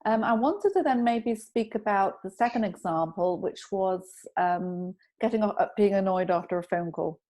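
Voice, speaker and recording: A woman guest, an EFT tapping practitioner, calmly explaining and walking through a technique. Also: mid-range voice, normal speed, few pauses.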